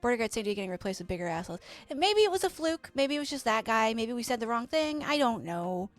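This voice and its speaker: A high-pitched woman streamer tells a story in a casual, swearing, animated rant. She acts out the other people as she goes, over faint game music. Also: fast. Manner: profane, animated ranting with quoted exchanges. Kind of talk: casual storytelling while gaming.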